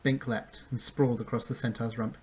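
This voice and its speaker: A man's voice: mid-range voice, level tone, a little fast, darkish tone, slightly rough, low-quality recording. A man narrating a fantasy story aloud, reading with small slips and restarts. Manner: reads with slips and restarts, occasional laughs. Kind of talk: amateur audiobook reading.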